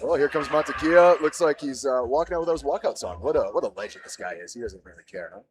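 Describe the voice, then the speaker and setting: Brisk mid-pitched fight commentator. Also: male voice, lively intonation, a crowd in the background.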